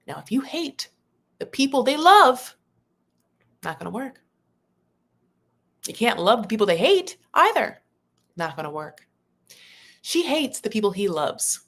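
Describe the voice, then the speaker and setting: A woman's voice: on the high side, sing-song, a little slow, pauses often, fairly bright tone. Chatty woman recapping reality TV. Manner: chatty, opinionated, swears casually. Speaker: reality TV commentator. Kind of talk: casual commentary.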